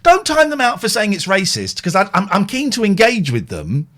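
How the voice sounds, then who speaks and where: A man hosting a casual late-night show, reacting in an excitable, animated way. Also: high-pitched, fairly quick. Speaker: radio show host.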